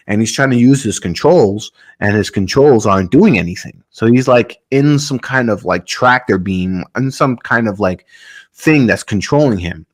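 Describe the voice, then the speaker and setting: A podcast host tells a long story in casual, rambling talk. His voice sits a little low for a man. He fills his sentences with ums and drops the odd swear word along the way. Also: animated, measured pace.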